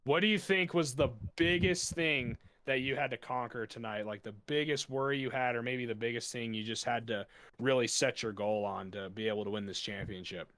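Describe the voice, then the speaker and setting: Smooth-voiced young male co-commentator. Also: medium pitch, fairly quick, a bit bright. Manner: enthusiastic, wordy questioning. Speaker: booth co-commentator. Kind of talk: post-race interview questions.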